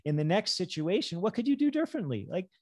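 Lively, enthusiastic man with a higher voice. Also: fast, no room sound, clean studio sound. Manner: animated, enthusiastic, jumps into acted self-talk. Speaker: physician and health coach, podcast guest. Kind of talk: casual podcast conversation.

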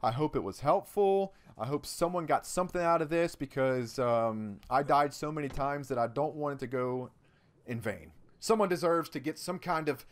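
A man's voice: a little high, normal speed. Guy goofing around while he plays a video game, chatty, talks to himself. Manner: playful, jokey, talks to himself while playing, volume swinging from loud to muttered. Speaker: gaming channel host. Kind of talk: let's-play gameplay commentary.

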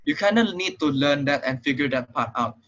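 With a fairly high, expressive, and somewhat bright voice, a young Singaporean-accented man briskly tutors programming in an online class. He's slightly out of breath, speaks casually with plenty of fillers, and keeps checking in with "right?". The online call audio is muffled and lo-fi.

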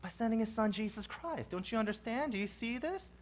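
A male pastor delivers a sermon with earnest conviction. He swings between loud, forceful emphasis and quiet, low stretches as he presses his points. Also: animated, a little fast. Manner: earnest preaching with rising and falling emphasis.

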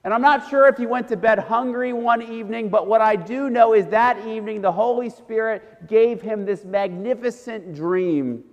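Pastor, male, high voice, casual storytelling sermon, echoing church. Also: normal speed, hardly any pauses, dull audio. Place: church sanctuary. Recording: church hall reverb.

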